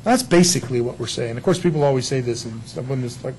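A man's voice: medium pitch, fast talker, slight background noise, rough recording. A man giving a casual, joking sermon, telling a story to his congregation. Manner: chatty and animated, telling a story with jokes. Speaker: pastor.

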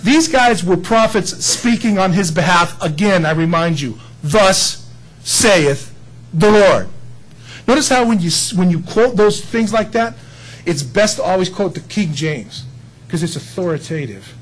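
A man preaching a sermon in a folksy, animated way, building up to emphatic peaks. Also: sits high, moderate pace, low-quality recording. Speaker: pastor.

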